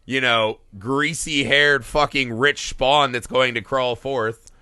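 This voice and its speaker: A man's voice: mid-range voice, takes it slowly, smooth, dry recording. A man in his thirties co-hosting a film podcast, talking casually and swearing a lot as he acts out scenes. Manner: animated, profane, acts out scenes in quoted voices. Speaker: podcast co-host.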